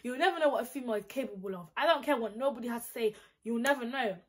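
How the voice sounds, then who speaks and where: A young woman with a London accent, telling a storytime vlog in an animated, indignant, slang-heavy way. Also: on the high side, rapid-fire, slightly rough. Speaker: vlogger.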